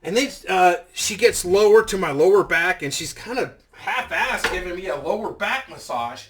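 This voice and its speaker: A man's voice: sits high, animated, moderate pace, fairly bright tone, distant mic, a little hiss or hum. A man in his fifties telling a story as a vlogger, ranting heatedly and swearing a lot. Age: 50s. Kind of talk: casual storytelling.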